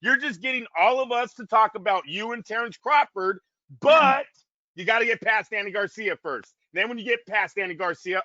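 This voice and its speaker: High, bright-voiced man ranting profanely. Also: moderate pace, dry recording. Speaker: boxing podcast co-host. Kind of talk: heated casual chat. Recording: dull, dry lo-fi audio.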